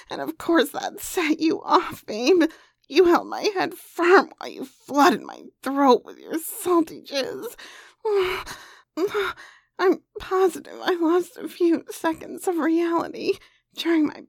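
Breathy, slow high-voiced woman. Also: no echo. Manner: breathy, moaning, drifting into whispers. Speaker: erotic audio narrator. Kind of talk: explicit erotic role-play narration.

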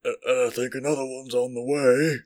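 A man's voice: medium pitch, flat delivery, fairly quick, heavy background noise, lightly acted. A man doing a crude lusty horse. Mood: leering.

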